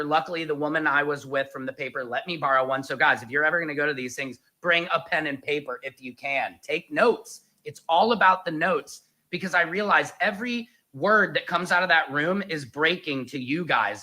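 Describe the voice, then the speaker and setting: Man, vlogger, high voice, very bright, animated, jokey. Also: poor audio. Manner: animated, jokey, addresses viewers as Patriots. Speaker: online commentator. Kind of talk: casual vlog storytelling.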